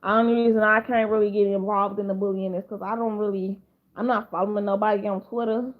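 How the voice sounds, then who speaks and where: A woman's voice: medium pitch, little pitch movement, fast, phone-quality sound. A woman giving casual drama commentary to camera, rambling and profane, with many repeated restarts. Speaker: commentary vlogger.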